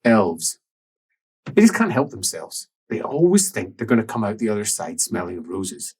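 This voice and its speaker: A man narrating a tabletop role-playing game as game master, in a musing way that drops to soft murmurs. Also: lowish voice, big pitch swings, moderate pace, husky.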